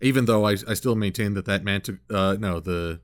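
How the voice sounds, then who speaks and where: A man hosting a casual chat, playful and jokey with animated asides. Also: fairly low pitch, brisk, no room sound, studio quality. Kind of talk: casual video-call chat.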